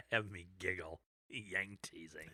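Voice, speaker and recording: A man's voice: sits low, slow pace, sharp tone, dry recording, clean studio sound. A man co-hosting a podcast, chatting casually in a giggly, teasing way. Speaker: podcast co-host.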